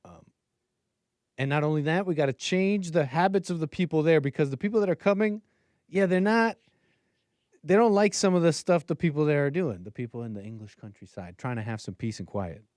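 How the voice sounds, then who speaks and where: A man's voice: a little high, brisk, a little mellow, no room sound. A man hosting a casual political livestream, rambling and breaking off mid-sentence, reading chat and news aloud and laughing at his own tangents. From United States. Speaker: livestream political talk host.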